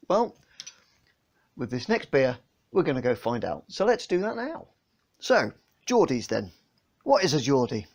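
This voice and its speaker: Filmed on his phone, a beer vlogger from England chats his way through a tasting with a medium-pitched, sing-song voice at normal speed, pausing often. He comes across as homely and relaxed, sprinkling in lots of fillers.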